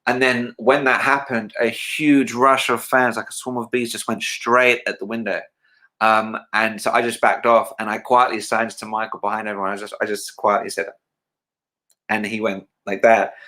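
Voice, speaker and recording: A man's voice: fairly low pitch, moderate pace. A man hosting a livestream, telling a story casually with many fillers and restarts. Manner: rambling, many fillers and restarts, animated when quoting. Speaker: livestream host.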